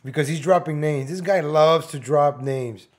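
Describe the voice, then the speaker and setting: A man's voice: a little high, normal speed, darkish tone. Mocking, foul-mouthed male commentary host. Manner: blunt, mocking, swears freely. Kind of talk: profane reaction commentary over a video.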